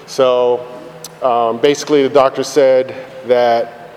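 A man's voice: mid-range voice, little pitch movement, slow pace, a little mellow. Profane man telling his recovery story. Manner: blunt and profane, rambling with many fillers. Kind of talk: candid personal testimony. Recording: reverberant hall with faint background noise.

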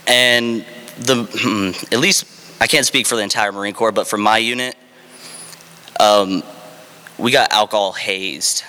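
Ex-Marine storyteller, frank and self-mocking, crisp and forceful tone. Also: male voice, on the low side, fairly even intonation, a little slow, pauses often, big-room sound. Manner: frank and self-deprecating, with fillers and dry humor. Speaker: former Marine sharing his drinking story. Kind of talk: candid personal storytelling.

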